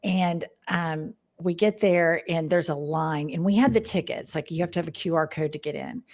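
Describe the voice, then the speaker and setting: A woman with a Southern US accent, a podcast host speaking as a panel guest, telling an animated, profane story. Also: sits low, moderate pace. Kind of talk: casual panel chat.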